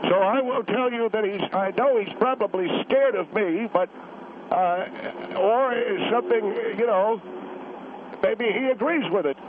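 A man voicing an older male war veteran grandfather who phones in, halting, stubborn and defiant. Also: high voice, noisy background, voice pushed up. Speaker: caller. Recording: tinny phone line.

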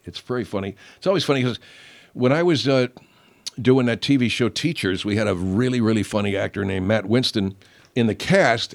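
A middle-aged man hosting a podcast, rambling and profane, clearing his throat often. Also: fairly low pitch. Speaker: podcast host. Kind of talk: casual comedic monologue.

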